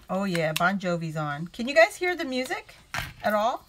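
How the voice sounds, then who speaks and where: A woman's voice: mid-range voice, big pitch swings, normal speed, fairly bright tone, slight background noise. A woman hosting a casual crafting livestream from home, chatting, laughing often and greeting viewers by name.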